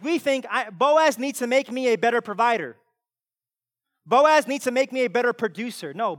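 A pastor preaching a sermon with emphatic delivery that swings from loud to hushed. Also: male voice, high-pitched, no room sound, studio quality.

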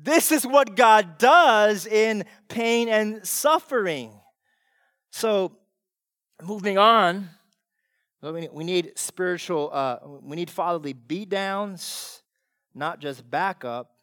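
A male pastor preaching a sermon in a casual, intense way, using slang and building to shouts. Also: high voice, slow pace, dry recording, studio quality.

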